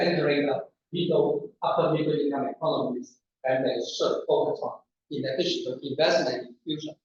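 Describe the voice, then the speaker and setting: A man presenting an academic paper at a conference panel, in a halting, deliberate way. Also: on the high side, a little hiss or hum. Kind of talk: academic lecture. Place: conference room. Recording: distant, echoey, dull conference room recording.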